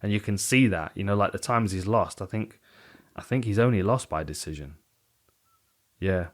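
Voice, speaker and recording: A middle-aged man co-hosts a podcast, casually picking apart fights in a fairly low voice at a normal speed. He's thoughtful and keeps correcting himself, often restarting sentences or letting them trail off.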